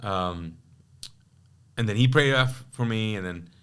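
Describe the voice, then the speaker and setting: Clear and resonant, his voice lowish and a little slow, a pastor from Kuwait recounts his personal testimony as a podcast guest. He animatedly plays out an old two-person conversation, breaking off often for asides.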